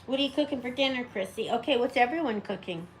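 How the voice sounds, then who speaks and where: This bird channel host talks fast and animatedly in a casual home vlog, rambling and cooing at her parrots in a high sing-song tone. The recording is rough, with slight background noise.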